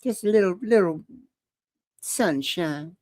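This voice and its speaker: A woman's voice: on the low side, lively intonation, slow, a little mellow, dry recording, studio quality. A woman voicing a sugary young Southern belle in a made-up drawl, coy and sing-song.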